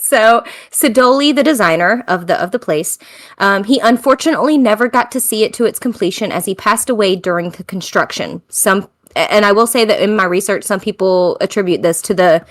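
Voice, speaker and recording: A woman's voice: medium pitch, a little fast. An American woman hosting a podcast in casual chat, tired, chatty and self-mocking, laughing often. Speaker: podcast host.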